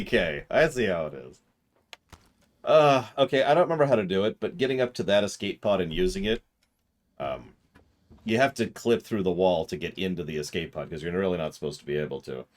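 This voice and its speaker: A man streaming a video game, joking with his chat in mock disbelief and getting excited. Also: sits low, brisk. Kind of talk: casual live-stream commentary.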